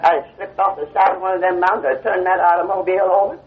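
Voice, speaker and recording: A fast-talking older man with a high-pitched voice and fairly even intonation preaches to a class. Captured on a dull old 1970 lecture tape, he keeps stopping in call-and-response style to ask "you see?" and check that his point lands.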